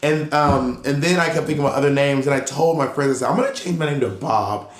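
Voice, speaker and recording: Animated male podcast storyteller, echoey room. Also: mid-range voice, fast talker. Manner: animated storyteller, acts out quotes. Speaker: podcast co-host. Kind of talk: casual chat. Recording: roomy echo.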